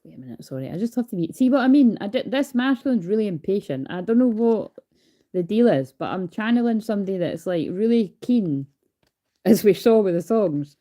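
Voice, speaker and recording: A woman's voice: medium pitch, expressive, fairly quick, dark tone. A woman doing a casual livestream card reading into a phone. She is chatty, swears freely and calls herself hyper. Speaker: tarot card reader.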